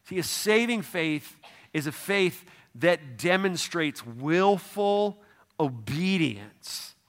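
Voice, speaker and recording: A man's voice: fairly high pitch, animated, slow pace, fairly bright tone. A man preaching a sermon as pastor, conversational and emphatic, asking his congregation questions. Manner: emphatic, repeats "no, no, no".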